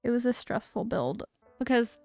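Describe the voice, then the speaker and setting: A young woman with a fairly high voice chats through a gameplay session, amused and talkative, addressing the characters on screen. The sound is dry and close, with faint music underneath. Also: sing-song, moderate pace, vocal fry, a little mellow, dry recording. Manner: chatty, amused, talks to the game characters. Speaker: let's-play host. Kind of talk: casual gameplay commentary.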